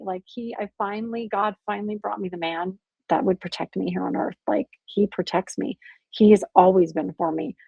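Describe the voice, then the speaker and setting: A woman speaks with a gravelly, slightly husky voice, recounting her own story with animated emotion. The sound is dry and close, with no room echo. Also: mid-range voice, a little fast. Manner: emotional, animated storytelling with laughs and acted quotes. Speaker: podcast guest, abuse survivor. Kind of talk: candid personal interview.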